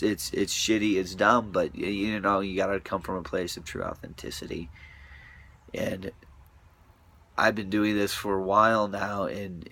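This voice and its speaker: Low-ish voiced guy rambling and swearing, bright edgy tone, trails off quiet a lot. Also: gravelly. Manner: rambling, profane, restless, trailing off softly. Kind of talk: rambling confessional monologue.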